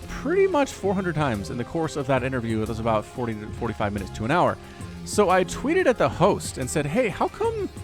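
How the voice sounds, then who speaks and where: A man commentating a strategy game replay alone, his pitch jumping around in an animated way. He chats easily and drifts into personal anecdotes between plays. Quiet music plays underneath. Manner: chatty, rambling into personal stories. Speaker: game caster.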